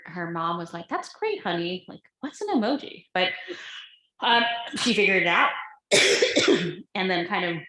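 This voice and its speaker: Bright, chatty woman lecturing in an echoey room. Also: lowish voice, a little hiss or hum. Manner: chatty, many fillers and asides. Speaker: guest lecturer. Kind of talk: casual lecture with slides.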